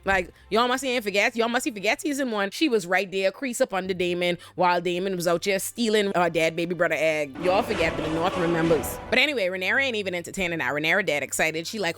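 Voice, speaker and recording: A woman's voice: mid-range voice, lively intonation, quick pace, fairly bright tone, no room sound. A woman casually recapping a TV episode, retelling scenes and acting out characters' lines with big jumps in her voice. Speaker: TV recap host.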